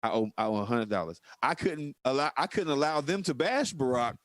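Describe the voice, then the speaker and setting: A man's voice: mid-range voice, fairly quick, no room sound. A man in casual political chat, telling stories emphatically. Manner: animated storytelling, profane, emphatic. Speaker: podcast co-host.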